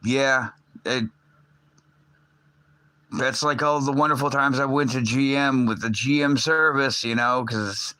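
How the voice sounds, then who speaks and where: On his livestream, a man rambles in a casual, loose way, cursing frequently and leaning on fillers like "uh" and "like." His mid-range voice sounds bright, forceful, clear, and resonant, and the recording is dry.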